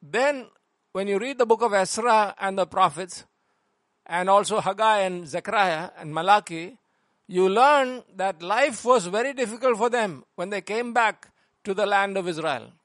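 A man leading a prayer and preaching a sermon, reading scripture slowly and rising in force on the quoted verses. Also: sits high, a bit bright, no echo, clean studio sound. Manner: measured, slows and lifts voice on scripture quotes. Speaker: pastor.

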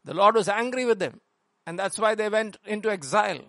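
A man leading a prayer and preaching a sermon, reading scripture slowly and rising in force on the quoted verses. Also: sits high, expressive, gravelly, a bit bright, no room sound, studio quality. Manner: measured, slows and lifts voice on scripture quotes. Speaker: pastor.

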